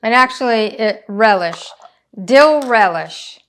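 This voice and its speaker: A woman's voice: fairly high pitch, animated, slow pace. A woman hosting a casual home cooking demonstration, chatting through each step as she cooks in her kitchen. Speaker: cooking channel host.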